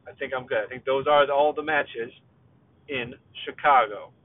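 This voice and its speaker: A man's voice: mid-range voice, steady tone, moderate pace, no room sound. A man hosting a casual, rambling recap show, joking offhand and correcting himself as he goes. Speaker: wrestling podcast host. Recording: dry, tinny phone-like sound.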